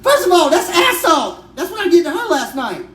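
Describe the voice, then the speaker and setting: A man's voice: very high-pitched, wildly swooping pitch, brisk, sharp tone, a little hiss or hum. A young man firing off crude, cocky comebacks in a comedy skit. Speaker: prank partner. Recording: roomy and distant.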